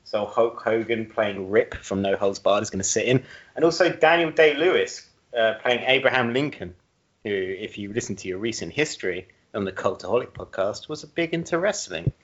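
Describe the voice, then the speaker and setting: A man with a lowish, animated voice speaks at normal speed as a podcast co-host. He jokes casually and laughs at his own lines, recorded in a roomy, dull-sounding space.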